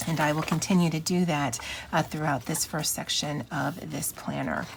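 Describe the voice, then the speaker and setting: A woman casually chatting about her planner notebooks at her home desk, with frequent fillers and soft laughs. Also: low-pitched, moderate pace, creaky, a little hiss or hum. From Hawaii. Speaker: planner vlogger. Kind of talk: casual show-and-tell.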